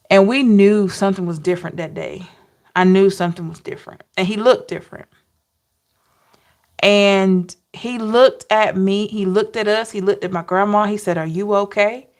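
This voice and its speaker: Slow, heartfelt woman speaking softly. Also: fairly low pitch. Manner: slow, emotional and heartfelt, with soft hums. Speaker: tarot reader. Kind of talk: personal reflective talk.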